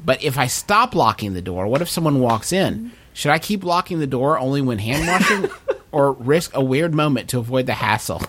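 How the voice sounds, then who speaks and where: A man's voice: medium pitch, expressive, moderate pace, fairly bright tone, slightly rough. A man co-hosting a comedy podcast, dropping dry wisecracks and reading out a listener question. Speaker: podcast co-host. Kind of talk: casual comedic chat.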